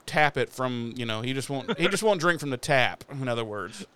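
Man, podcast host, smooth resonant voice, animated storytelling, casual chat. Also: mid-range voice, normal speed. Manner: animated storyteller who acts out the characters' lines. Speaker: podcast host recapping an episode.

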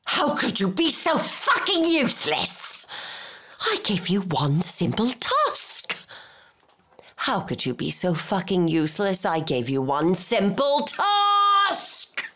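A woman's voice: mid-range voice, wildly swooping pitch, takes it slowly, exaggerated voice. An actress playing a furious woman who berates someone over a failed task in an audio drama. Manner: sharp, berating repetition.

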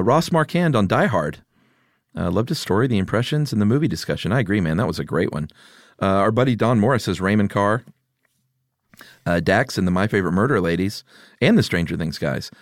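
A middle-aged man with a very low voice hosts a casual podcast chat. He is easygoing and laughs readily. The sound is close and dry. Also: no room sound. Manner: laid-back, laughs often, reads listener picks aloud. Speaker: podcast host.

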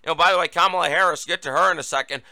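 A man's voice: a little high, rapid-fire, gravelly, sharp tone, no echo. A man hosting a political talk show, reading news headlines aloud and mocking them with sarcastic, combative commentary.

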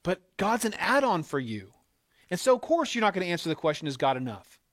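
A pastor preaching a conversational, emphatic sermon, often acting out quotes as asides to the congregation. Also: male voice, high voice, big pitch swings, brisk, no echo, studio quality.

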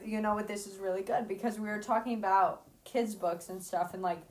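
A woman's voice: mid-range voice, steady tone, a little fast, slight background noise. A young adult woman in casual chat as a podcast co-host, frank and opinionated, with loose fillers and the odd swear word.

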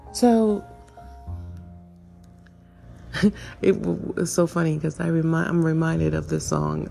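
A woman in her fifties hosting a reflective solo monologue, searching and questioning herself, with soft laughs. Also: sits low, gravelly. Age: 50s. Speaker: podcast host.

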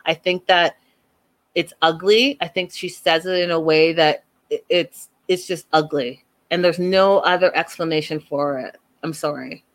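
A woman's voice: low-pitched, steady tone, unhurried. A woman giving blunt, opinionated commentary on a reality show, speaking straight to her viewers. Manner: emphatic, blunt, talks straight to "you guys". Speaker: reality TV recap vlogger.

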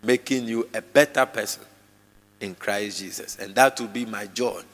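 A man preaching a live sermon to a congregation, emphatic and repetitive, his voice jumping suddenly in pitch and loudness. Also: moderate pace. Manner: repeats phrases for emphasis. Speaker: pastor. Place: church hall with congregation. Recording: long reverb of a large church hall.

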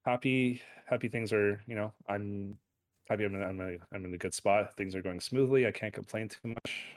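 Low-voiced man rambling on a call. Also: steady tone, brisk, no echo. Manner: rambling, trails off and corrects himself. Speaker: podcast co-host. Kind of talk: casual chat. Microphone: online voice call.

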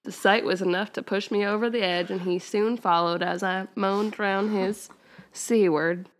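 Podcast co-host, female, mid-pitch, reads a text aloud, keeps cracking up and cutting in with dry asides. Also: fairly even intonation, moderate pace. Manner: keeps breaking into laughter and wry asides while reading. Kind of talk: reading fan fiction aloud on a casual podcast.

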